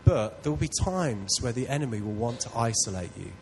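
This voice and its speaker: A man's voice: mid-range voice, fairly quick, slight background noise, rough recording. A man preaching a sermon, telling a personal story in an earnest, self-deprecating way. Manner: earnest, self-deprecating, builds to loud excitement.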